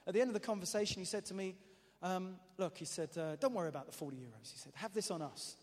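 Animated preacher in a reverberant hall. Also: male voice, high-pitched, quick pace, background noise. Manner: animated, self-mocking storyteller with frequent restarts. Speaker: preacher giving testimony. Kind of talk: storytelling sermon testimony.

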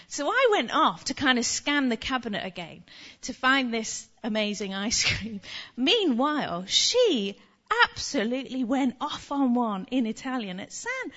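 An English woman preaching in a relaxed, conversational way, her pitch sitting a little high and swinging widely as she tells her story. The recording sounds slightly muffled and dull. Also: moderate pace. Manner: chatty, animated anecdote-telling.

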